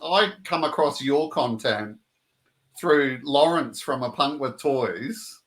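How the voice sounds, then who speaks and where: A man's voice: medium pitch, lively intonation, slow pace. An Australian man hosting a casual interview over a video call, friendly and full of short replies, calling his guest mate. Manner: friendly, says mate, many short backchannels. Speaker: interviewer, channel host.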